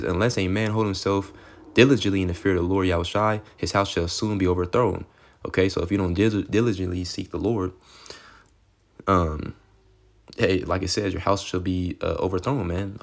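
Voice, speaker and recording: Low gravelly man preaching casually. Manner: conversational, repeats "okay" and "man", swears; excitable, sometimes rushes or drops to a murmur. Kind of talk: casual street sermon with scripture reading.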